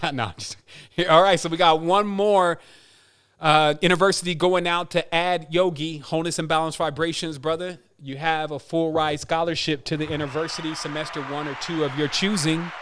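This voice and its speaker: Upbeat podcast host man, smooth voice. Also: on the high side, fairly even intonation, a little fast, few pauses, fairly bright tone. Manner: upbeat, reads names and prizes, counts aloud. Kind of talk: casual giveaway announcements.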